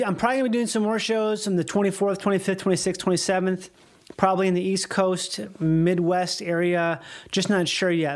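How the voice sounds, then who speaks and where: Man, podcast host, high voice, loose rambling delivery, swears a lot, chuckles often. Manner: rambling, profane, laughs between phrases. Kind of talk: casual solo podcast monologue.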